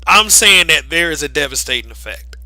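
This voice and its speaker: A man co-hosts a casual podcast discussion, speaking emphatically with frequent restarts and laughing between points. His voice is on the high side, animated, sharp in tone and fairly quick. The audio is poor, without echo.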